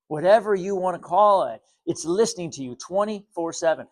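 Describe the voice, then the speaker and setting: Calm, gently insistent spiritual teacher man. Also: high-pitched, fairly quick, hardly any pauses. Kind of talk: spiritual talk to viewers.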